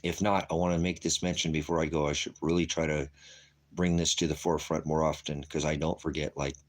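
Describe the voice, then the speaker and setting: A man's voice: extremely low pitch, flat delivery, a little fast. A man streaming a rambling, profane rant to viewers as a preacher. He keeps calling them brothers and sisters, jumps between topics and restarts his sentences.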